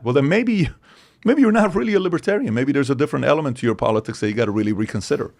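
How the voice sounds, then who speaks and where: A man in his forties, a podcast guest, speaking in an animated, opinionated monologue full of rhetorical questions and acted-out quotes. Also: medium pitch, very fast. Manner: acts out quoted voices, emphatic, rhetorical questions.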